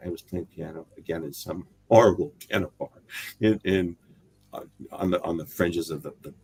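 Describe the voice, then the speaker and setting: A middle-aged US man gives rambling, thoughtful answers in a casual interview, often stopping to correct himself. His bass voice carries vocal fry and sounds a little mellow and slightly rough.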